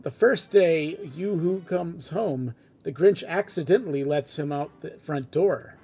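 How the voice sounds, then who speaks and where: A man reading a fan script aloud at home, in a relaxed, chatty way with casual asides. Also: on the high side, a little slow, slightly rough. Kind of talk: casual read-aloud narration.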